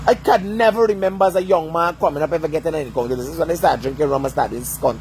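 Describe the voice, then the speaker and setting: Man, fairly high voice, agitated swearing rant, faint traffic behind. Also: animated, quick pace, few pauses. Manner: repeats "you understand?", swears constantly, loud and agitated. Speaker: vlogger. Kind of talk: heated profane rant.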